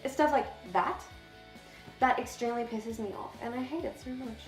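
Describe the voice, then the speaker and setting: A woman's voice: fairly high pitch, normal speed, faint music behind. A teenage girl vlogging to camera in a casual, chatty way, slightly out of breath, swearing freely and laughing often. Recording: echoey room.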